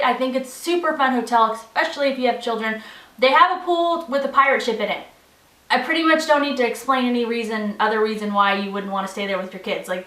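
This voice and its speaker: A woman's voice: high voice, sharp tone, distant mic. A woman in her thirties, a mother of three, chatting casually to camera in a bubbly, talkative way with frequent laughs. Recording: echoey room, a little off-mic.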